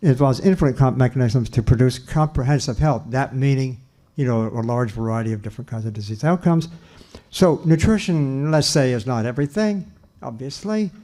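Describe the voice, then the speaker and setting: An older man delivers a lecture in a mellow, warm voice of middle pitch. He speaks earnestly and stresses key points, repeating phrases and pausing to restart his thoughts. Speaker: lecturer, nutrition scientist. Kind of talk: public lecture.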